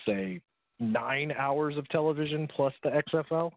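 A man's voice: on the high side, moderate pace, no room sound. A man co-hosting a casual podcast, laid-back, laughing often and swearing. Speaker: podcast co-host. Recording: tinny phone-like line, dry.

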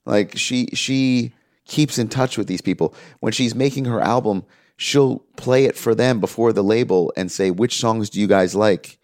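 A man's voice: medium pitch, moderate pace, no room sound, clean studio sound. A man, an interview guest telling an earnest story and quoting the people he talks about. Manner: earnest, quotes others in lively voices. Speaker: music manager, interview guest.

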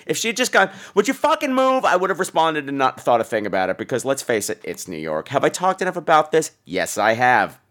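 A man hosting a podcast, telling a comic personal story in an animated, indignant way. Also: medium pitch, fast, few pauses. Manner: animated, indignant retelling with voiced asides. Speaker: podcast host.

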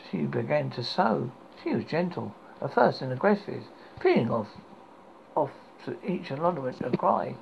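A man hosting a horror podcast, reading a dark story aloud with stumbles and restarts. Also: medium pitch, big pitch swings, moderate pace, vocal fry. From United Kingdom. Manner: stumbling, self-correcting reading. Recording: dull lo-fi recording with faint hiss.

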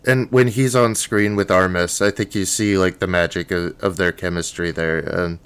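Male co-host, deep and resonant, easygoing, pauses with ums. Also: clear, resonant tone. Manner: relaxed, hesitant with ums. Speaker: podcast co-host. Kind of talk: casual film discussion.

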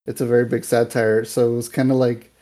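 Young male podcast co-host, relaxed dark tone, loose and filler-heavy. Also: mid-range voice, fairly quick. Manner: rambling, filler-heavy, animated retelling. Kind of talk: casual movie review chat.

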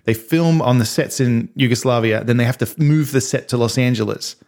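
A man casually chatting on a podcast, retelling movie scenes and acting out the quotes. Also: a little fast. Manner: animated storyteller, acts out quotes in high voices. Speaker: podcast co-host. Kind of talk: casual chat.

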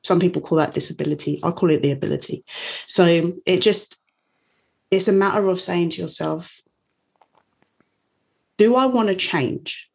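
A woman's voice: fairly low pitch, fairly even intonation, brisk, vocal fry, darkish tone, breathy edge. A woman, a guest on an interview, telling a personal story openly and emotionally, laughing now and then. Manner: candid, emotional, laughs often.

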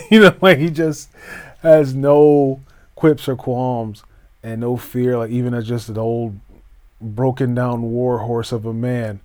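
A man hosts a solo wrestling podcast in a loose, rambling way, full of fillers and restarts, with bursts of mock-grand announcer flourish. His voice sits at a middling pitch, and the recording is dry with no room echo. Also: fairly even intonation, takes it slowly, darkish tone. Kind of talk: solo casual podcast chat.

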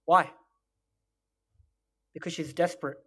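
A man's voice: fairly high pitch, fairly even intonation, slow pace, pushed and bright, breathy edge. A male pastor delivering a sermon, explaining scripture and Greek word meanings in a teaching manner.

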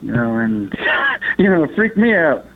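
A man's voice: mid-range voice, a little fast. A man from Alaska, a podcast guest, telling a rambling story in casual talk, swearing now and then and acting out what others said. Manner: rambling, animated, swears, acts out others' lines. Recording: tinny phone-like line.

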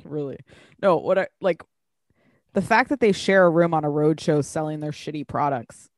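A woman co-hosting a podcast, talking casually, an animated storyteller who swears freely. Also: low voice, moderate pace, no echo, clean studio sound. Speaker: podcast co-host. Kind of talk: casual chat.

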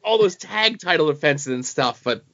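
A man's voice: fairly high pitch, animated, moderate pace, a bit bright. A man on a casual podcast answering trivia and groaning at his misses. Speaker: quiz contestant on a podcast. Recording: dull lo-fi sound.

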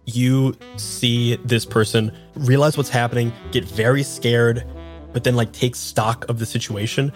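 A man's voice: medium pitch, steady tone, measured pace. Guy running a tabletop game, chatty, lots of "like", music faint in back. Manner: vivid, casual, many fillers. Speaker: game master.

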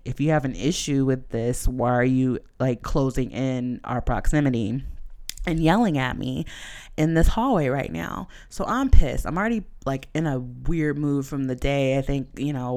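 A woman podcast host telling a personal story in a chatty, animated way, full of "like" and "you know". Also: very deep voice, normal speed. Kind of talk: casual storytelling monologue.

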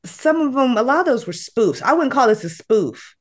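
A woman hosting a casual podcast chat, summarizing a movie in a playful, animated way with frequent laughs. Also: high-pitched, moderate pace. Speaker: podcast host.

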